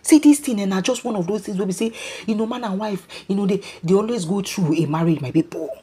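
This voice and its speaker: Dark husky Nigerian woman gossiping. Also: medium pitch, quick pace. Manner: animated, keeps calling out "my people", mixes Pidgin and English. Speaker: gossip vlogger. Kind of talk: casual celebrity gossip commentary.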